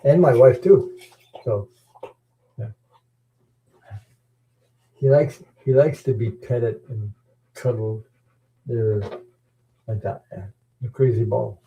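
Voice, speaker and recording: A man's voice: mid-range voice, takes it slowly, long pauses, narrow, tinny audio. A middle-aged man chatting casually as host of a live stream, rambling and chuckling, often repeating words. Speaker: tarot channel host. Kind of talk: casual chat.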